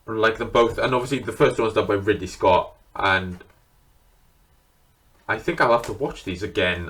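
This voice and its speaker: A man with a fairly low, fairly bright voice talks casually to camera about his film collection. He's enthusiastic and unscripted, cursing freely as he goes.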